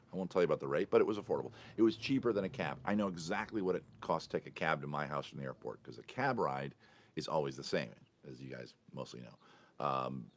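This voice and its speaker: A man with a bass voice hosts his own podcast, telling a casual story in a chatty, rambling way and often correcting himself mid-sentence.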